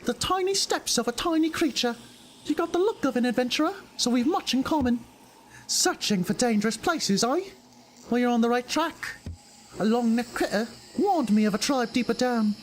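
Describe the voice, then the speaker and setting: A man voicing Cloth, a chipper, slightly bratty young female bug warrior, in a high put-on British accent from a game. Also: expressive, moderate pace, a little hiss or hum. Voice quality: high, bright, lightly bratty.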